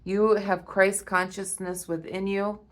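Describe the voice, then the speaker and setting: A woman giving a spiritual tarot reading to her viewers, awed and emotional, repeating herself and often breaking off with a soft "wow.". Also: mid-range voice, level tone, a little slow. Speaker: tarot reader.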